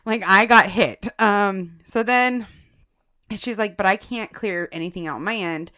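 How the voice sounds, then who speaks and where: A podcast co-host shares a personal story in a relaxed chat, laughing often and calling her listeners "guys." Her voice is medium-pitched, clear and resonant, and she speaks a little slowly with plenty of animation.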